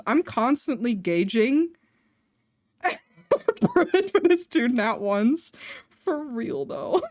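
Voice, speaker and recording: A woman's voice: on the high side, no room sound, studio quality. A young adult woman streamer telling a personal story in a chatty way, full of fillers and laughing between lines. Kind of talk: casual storytelling on a live stream.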